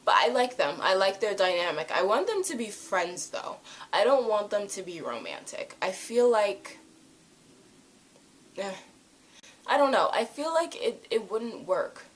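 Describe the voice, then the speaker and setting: A young woman reviewing a TV episode in a casual, rambling chat to camera, full of "like" and quick asides. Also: medium pitch. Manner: rambling, animated, lots of "like".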